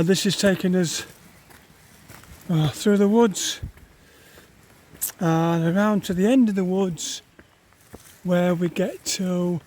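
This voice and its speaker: A man's voice: high voice, darkish tone. A man vlogging as he hikes outdoors, out of breath and rambling to himself as he grumbles about the climbs. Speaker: hiker vlogger. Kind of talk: walking vlog commentary. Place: outdoors on open moorland.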